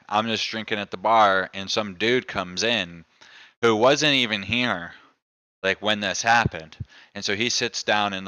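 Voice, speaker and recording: Bright, smooth-voiced man telling stories. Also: lowish voice, dry recording. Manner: loose, profane, animated when telling a story. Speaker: streamer host. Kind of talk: casual storytelling chat.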